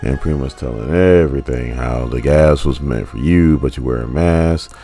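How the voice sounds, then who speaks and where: A man in his forties recapping a comic in casual, animated storytelling. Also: very deep voice, moderate pace, soft background music. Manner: animated storytelling, acting out characters. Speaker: comic book reviewer.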